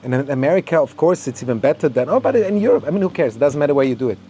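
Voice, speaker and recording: Man ranting on a podcast, mellow warm voice, stumbling repeats. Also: a little high, expressive, very fast, slight background noise. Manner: heated, ranting, swears, repeats words, mocks others in quoted voices. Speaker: podcast host. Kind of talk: opinionated monologue.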